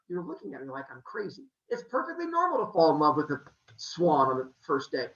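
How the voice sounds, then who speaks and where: Animated man telling a comic myth. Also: a little high, normal speed. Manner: animated, playful, jokey asides. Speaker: podcast host telling a myth. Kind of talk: comic storytelling. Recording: roomy, slightly muffled.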